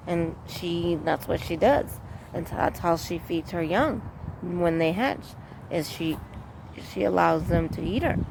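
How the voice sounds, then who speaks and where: A woman's voice: fairly low pitch, darkish tone. A woman giving a casual, earnest opinion monologue as a vlogger, rambling and repeating her points. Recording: noisy outdoor street recording.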